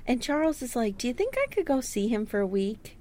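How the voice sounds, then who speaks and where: Animated woman in her thirties, sarcastic recap chat, voice a bit high and swooping all over, quick to mimic characters. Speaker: podcast co-host recapping a TV episode. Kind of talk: casual chat.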